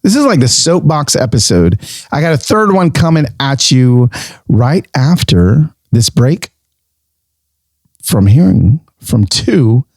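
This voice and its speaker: Animated man hosting a podcast. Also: mid-range voice, slow pace, no room sound, clean studio sound. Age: 40s. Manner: animated, self-mocking storyteller turning into pep talk; emphatic, repeats phrases for effect. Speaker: podcast host. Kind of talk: solo podcast monologue.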